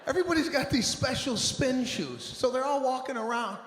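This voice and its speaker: An exasperated male comedian working through a routine, his voice pitched high and swinging widely. It rings out with a long hall reverb over steady crowd noise. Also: brisk. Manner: exasperated, animated storytelling. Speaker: stand-up comedian. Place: large theater stage. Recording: echoey theater with long reverb and audience noise.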